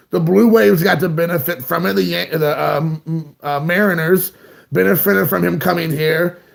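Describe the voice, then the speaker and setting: A man's voice: high-pitched, creaky. A man hosting a live stream, chatting casually and rambling while greeting viewers by name.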